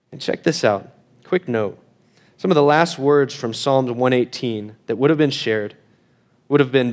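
A man with a fairly high voice preaches a sermon with emphasis. He slows right down and goes quiet on key phrases, and now and then repeats words as he restarts a sentence. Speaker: pastor.

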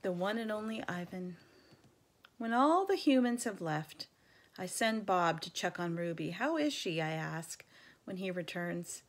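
A woman reading a children's novel aloud in a measured, gentle storytelling manner. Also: fairly low pitch. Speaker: reader.

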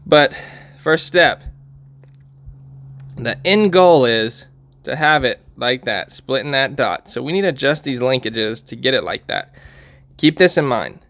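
Hosting a repair channel, a man speaks in a medium-pitched, slightly bright voice with vocal fry, animated but a little slow. He's plain-spoken, casually guiding viewers through a how-to step by step, pointing things out and repeating warnings to drive them home.

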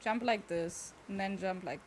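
A woman's voice: medium pitch, a little slow, noisy background. A young woman, chatting and exclaiming as she streams a game. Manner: chatty, exclaiming, talks to chat. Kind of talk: casual gameplay commentary.

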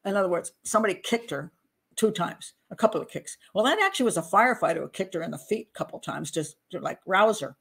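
A woman's voice: mid-range voice, sing-song, fast, gravelly, husky. Woman host talking through a case casually, chatty and self-deprecating, with a mid-range voice. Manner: chatty, self-interrupting, laughs at herself. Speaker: true-crime commentator. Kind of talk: casual commentary to camera.

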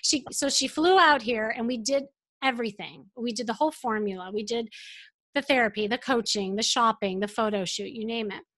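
A woman dating coach and therapist telling a client story in an interview, animated and full of fillers. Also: a little high, a little fast, dry recording.

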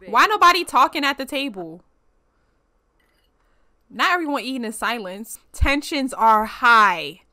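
A woman's voice: a little high, measured pace, long pauses, no echo, studio quality. A young woman giving chatty, playful let's-play commentary as she plays a life-sim game. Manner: chatty, animated, playful slang, frequent laughs. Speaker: gaming channel host.

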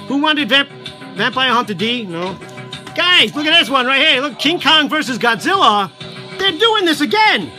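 A man talks fast and loosely to his live-stream viewers, rambling from item to item. His voice is strikingly high and very bright, and he tends to yell. Music plays quietly behind him. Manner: loud, rambling, talks to viewers while showing items. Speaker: livestream seller of collectibles. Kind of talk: casual live-stream chat. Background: background music.

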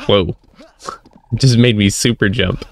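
Gravelly-voiced young man playing a game. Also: on the low side, steady tone, a little slow. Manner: jumpy, self-mocking reactions. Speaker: gaming streamer. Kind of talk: let's-play commentary.

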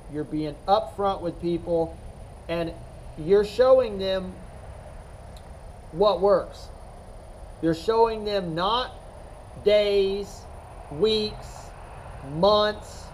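A middle-aged man coaching chess in an unscripted talk to the camera, rambling and repeating his points with emphasis. His voice sits high for a man and he takes his time. A faint hum stays underneath the whole recording. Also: low-quality recording.

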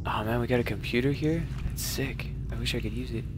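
A man streaming a survival game, commenting live as he plays, cursing often and jumping from low muttering to panicked yelling. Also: fairly quick, background noise. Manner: swears a lot, swings from muttering to panicked yelling.

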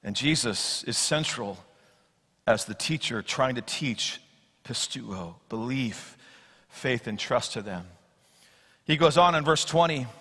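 Bright-voiced preacher man, hall echo. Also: medium pitch, expressive, slow, pauses often, husky. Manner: expository preaching, acts out Bible quotes, swings from loud to hushed. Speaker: pastor. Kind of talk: sermon. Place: church sanctuary. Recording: long church hall reverb.

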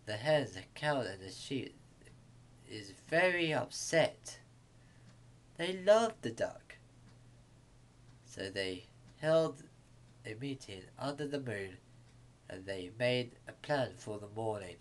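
A man reading a bedtime story aloud to kids, in a halting way with small restarts. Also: medium pitch, expressive.

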